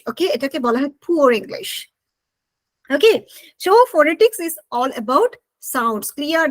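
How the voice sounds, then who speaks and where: A Bengali-accented woman teaches a spoken English lesson over a video call. She talks very fast in a high voice, switching between English and Bengali and checking whether students follow. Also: a bit bright. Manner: mixes English and Bengali, asks students questions. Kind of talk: online class lecture.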